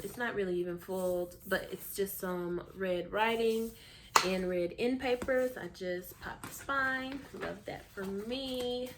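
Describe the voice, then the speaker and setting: A woman's voice: medium pitch, slight background noise. A woman from the United States, a book vlogger chatting casually through a haul with frequent ums and self-corrections, her voice getting worn. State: losing her voice.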